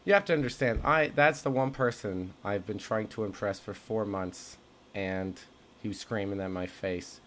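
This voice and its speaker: A man's voice: on the low side, moderate pace, a bit bright, a little hiss or hum. A man narrating his own comic story in a wry, rambling, self-deprecating way. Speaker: comedian telling his story.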